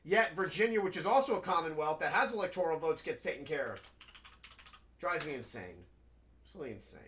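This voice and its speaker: A man's voice: on the high side, animated, a little fast, fairly bright tone, a little hiss or hum. A man playing a video game and chatting casually, rambling and frank, with frequent swearing. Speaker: gaming streamer. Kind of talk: casual commentary while playing.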